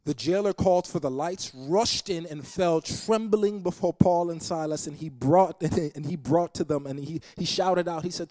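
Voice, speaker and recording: A man's voice: fairly high pitch, normal speed, few pauses, dark tone, dry recording. A man preaching a sermon as pastor, dramatic and repeating phrases for emphasis. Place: church.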